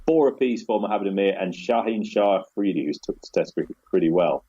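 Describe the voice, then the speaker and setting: Man, podcast host, dark voice, husky, dull lo-fi recording, casual chat, laughs often. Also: sits low, brisk. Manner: chatty, laughs often, rolls through match scores.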